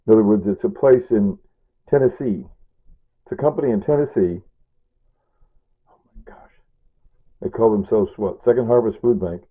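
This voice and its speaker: A man's voice: lowish voice, fairly quick, husky. A middle-aged man from Kansas chatting casually in a home cooking vlog, rambling into asides and asking "right?" and "see?" as he goes. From Kansas, USA. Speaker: vlogger. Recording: tinny phone-like sound.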